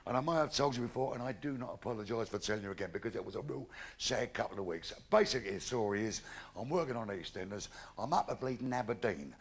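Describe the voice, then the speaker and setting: A man's voice: on the low side, animated, quick pace, background noise. An older man telling bawdy jokes in brash stand-up on a theatre stage. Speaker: stand-up comedian. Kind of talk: live stand-up comedy. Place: theatre stage before an audience.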